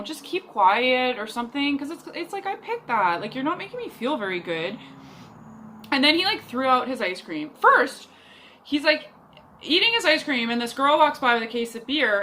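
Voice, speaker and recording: Young woman ranting about a bad date, bright fairly high voice, faint hiss behind. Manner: chatty, exasperated, many fillers. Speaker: podcast host. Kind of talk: casual storytelling monologue.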